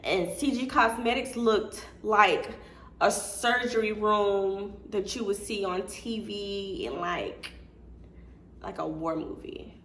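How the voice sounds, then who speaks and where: A woman's voice: medium pitch, takes it slowly, fairly bright tone. A young adult woman vlogger casually telling a candid story, chatty and full of fillers and laughter. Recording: echoey room with faint noise.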